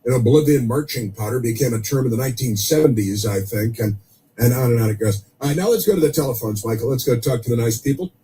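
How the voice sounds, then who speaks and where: A man's voice: mid-range voice, animated, fast, mellow, a little hiss or hum, rough recording. A man hosting a political talk radio show, delivering a sarcastic monologue full of scornful asides. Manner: sarcastic, scornful asides and mocking quoted voices.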